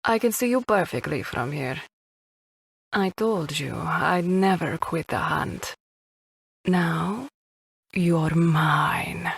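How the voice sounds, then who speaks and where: A man voicing a seductive, ruthless female sniper with a Middle Eastern accent, taunting in a slow, drawn-out delivery for an audiobook. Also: on the high side, fairly bright tone, dry recording, pitched above the performer's own voice, exaggerated voice. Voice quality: husky, purring. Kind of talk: audiobook character voice.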